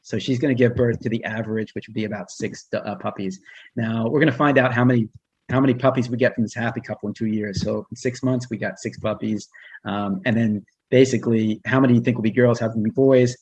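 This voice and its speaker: A man's voice: mid-range voice, fairly even intonation, quick pace, a little mellow, husky, dry recording, dull audio. A man who works as a humane educator, giving a casual online presentation with slides, speaking conversationally with many restarts and fillers.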